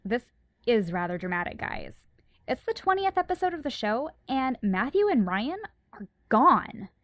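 A young woman co-hosts a casual comedy podcast, teasing her partner with mock-serious deadpan lines and frequent giggles. Her voice sits a little high and swings through a lively range, recorded dry and close. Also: measured pace, dry recording. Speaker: podcast co-host and audio engineer.

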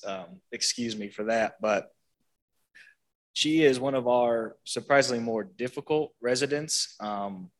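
A man's voice: medium pitch, a bit bright. A man on a panel, a staff member at a senior living home, telling stories in a chatty, lightly humorous way. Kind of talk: panel interview.

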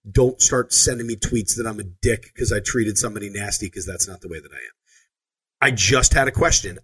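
Husky guy rambling through a story, acts out the lines he quotes, lots of likes and uhs. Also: mid-range voice. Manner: animated, acts out quoted lines, frequent fillers and restarts. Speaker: storyteller recounting a trip. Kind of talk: casual storytelling monologue.

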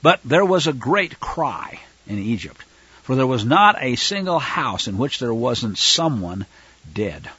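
A man teaching scripture with a fervent, animated delivery, his pitch swinging widely as he talks to the listeners. His voice is bright and a bit husky. The sound is dry and slightly dull. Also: measured pace, no room sound. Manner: fervent, rises to loud denunciation; conversational asides to listeners. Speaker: fellowship teacher.

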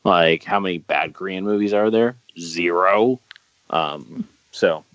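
A low-voiced man talks on a podcast in a loose, rambling way, circling back and restarting his sentences with eager enthusiasm. The recording is dry and close, with a dull, lo-fi tone. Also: unhurried, fairly bright tone, no room sound. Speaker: podcast co-host. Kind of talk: casual podcast chat about films. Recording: dull lo-fi sound.

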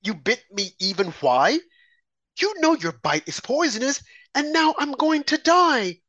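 A man's voice: very high-pitched, big pitch swings, a little slow, bright, forceful tone, no room sound, lo-fi sound, voice pushed up, heavily acted. A man reading aloud the exclaimed lines of a kind-hearted woman in a poem. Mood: distressed.

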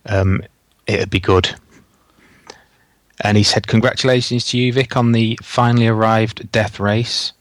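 A man's voice: on the low side, steady tone, a little slow, pauses often, no echo. A man co-hosting a podcast, easygoing, reading out listener messages in casual chat. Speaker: podcast co-host.

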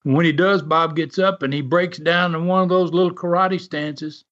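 A man's voice: fairly high pitch, steady tone, moderate pace, a bit bright. A man telling wrestling stories in a casual, rambling way, full of fillers and chuckles. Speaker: wrestling history storyteller. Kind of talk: casual storytelling. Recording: dull lo-fi sound.

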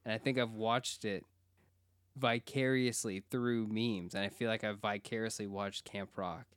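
A man's voice: lowish voice, fairly even intonation, measured pace, a bit bright, smooth, no echo, clean studio sound. A young man co-hosting a casual TV recap chat, rambling and enthusiastic with frequent fillers. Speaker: podcast co-host.

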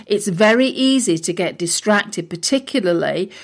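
A woman's voice: mid-range voice, expressive, moderate pace. Chatty woman giving business advice. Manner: chatty, informal, with frequent fillers and restarts. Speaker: business coach for recruitment firms. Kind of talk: casual motivational talk.

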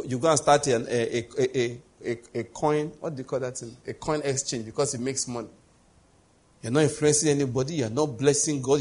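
A man's voice: medium pitch, darkish tone, breathy edge. A man preaching a conversational sermon as a pastor, full of rhetorical questions.

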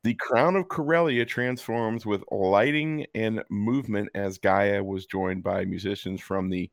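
Low gravelly man, sarcastic. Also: unhurried, dry recording, clean studio sound. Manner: sarcastic asides while reading aloud. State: hiccups. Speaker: podcast co-host. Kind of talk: casual chat, reading and joking.

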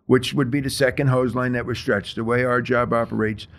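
A middle-aged man, a firefighter, telling the story of a fire in an interview in a plain, measured way with many fillers. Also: medium pitch, little pitch movement, creaky.

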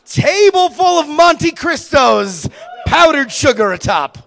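A young man doing stand-up storytelling, profane and animated, with sudden loud bursts. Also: very high voice, slow pace, vocal fry, long reverb tail. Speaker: stand-up comedian.

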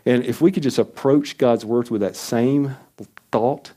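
At a measured pace and in a mellow voice, a male pastor delivers a sermon that is earnest and conversational. When he quotes prayers, he acts them out, his pitch rising.

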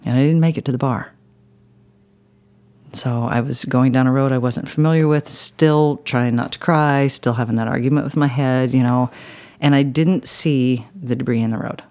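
A rumbling low, mellow voice carries this woman's personal story, told at a moderate pace as a podcast guest. She rambles earnestly with frequent "you know" asides, and her emotion intensifies when she recalls the crash.

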